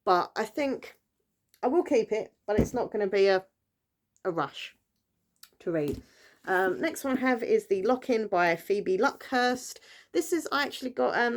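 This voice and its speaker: A British woman chatting casually on her vlog, rambling along with lots of fillers and self-corrections. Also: mid-range voice. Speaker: book vlogger. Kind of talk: casual chat.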